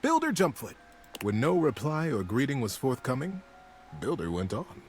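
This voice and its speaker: A man reading a storybook aloud as a streamer, expressive and lively. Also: mid-range voice, moderate pace, faint music behind. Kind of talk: storybook narration.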